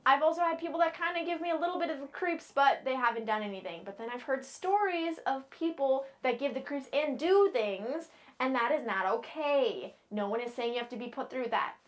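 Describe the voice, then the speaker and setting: Young woman, rather high voice, casual frank vlogger from New England, chatty with playful asides. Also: animated, a little fast. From New England, United States. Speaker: model and vlogger. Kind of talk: casual chat to camera.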